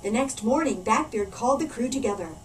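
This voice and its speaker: A woman, a children's librarian, reading a storybook aloud in a playful, animated way. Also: a little high, fairly quick. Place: library room. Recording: distant mic, faint room noise.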